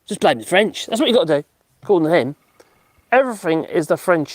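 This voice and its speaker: A man's voice: high voice, lively intonation, brisk, dry recording. A middle-aged man, hosting a casual live stream, chatting, laughing often and making mocking asides as he reads out comments. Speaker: live-stream host reading chat. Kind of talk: casual chat.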